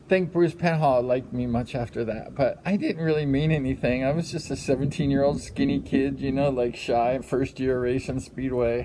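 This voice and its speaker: A former speedway rider in his sixties, casually telling a story from his racing days, animated and full of fillers. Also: mid-range voice, slight background noise. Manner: animated, acts out quotes, many fillers. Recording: music under the voice. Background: background music.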